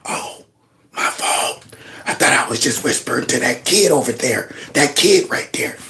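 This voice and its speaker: A man voicing a creepy old male politician in a whispered role-play, hushed and conspiratorial. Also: mid-range voice, expressive, measured pace. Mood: sly. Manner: hushed, conspiratorial, leaning into the mic.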